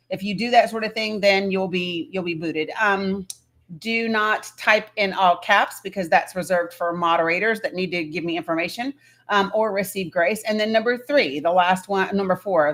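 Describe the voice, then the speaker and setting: A woman in her thirties hosting a casual livestream, greeting viewers by name and setting ground rules. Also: medium pitch. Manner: greets viewers one by one, talks to her kids off-mic. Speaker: livestream host.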